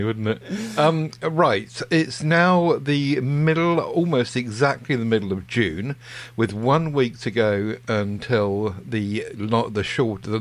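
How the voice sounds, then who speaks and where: A man co-hosting a podcast in casual chat, rambling with plenty of ums and restarts. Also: mid-range voice. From Wales. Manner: rambling, hesitant, many ums. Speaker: podcast co-host.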